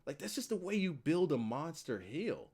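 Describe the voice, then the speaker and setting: Animated, swearing male wrestling reviewer. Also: fairly high pitch, normal speed, breathy edge. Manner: animated, profane, laughs a lot. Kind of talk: casual podcast chat.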